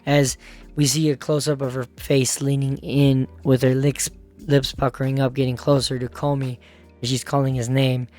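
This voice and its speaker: A man's voice: mid-range voice, flat delivery, moderate pace, a little mellow. A man narrating a manga recap in a casual, rambling, slangy way with frequent laughter. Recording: faint music behind.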